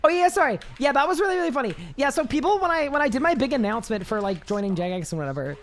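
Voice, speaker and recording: A man with a high-pitched voice, chatting casually on a live game stream, reading chat aloud and rambling with restarts. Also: expressive, rapid-fire, fairly bright tone.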